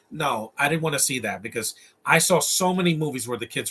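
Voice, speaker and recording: A man's voice: medium pitch, lively intonation, fairly quick, few pauses, background noise. A man giving casual, opinionated live commentary while watching a movie, rambling through asides and restarts.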